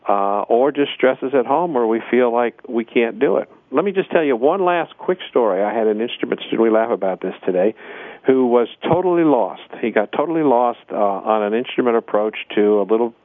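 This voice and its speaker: A man's voice: mid-range voice, lively intonation, a little fast, no echo. A man, a flight instructor, telling stories from his teaching in a rambling way, with many restarts. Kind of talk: storytelling in a casual interview. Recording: tinny phone line.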